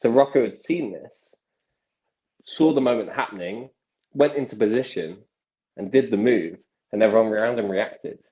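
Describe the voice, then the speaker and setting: A young man, a magician telling stories from his life as a podcast guest, with animated delivery and frequent restarts. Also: fairly low pitch, moderate pace. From England. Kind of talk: casual podcast storytelling. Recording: dull lo-fi sound.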